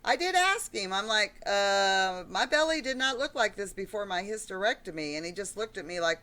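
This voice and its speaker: A woman's voice: medium pitch, animated, moderate pace, few pauses, pushed and bright. Woman vlogger, middle-aged, emotional rant, blunt and rambling. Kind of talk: ranting vlog monologue.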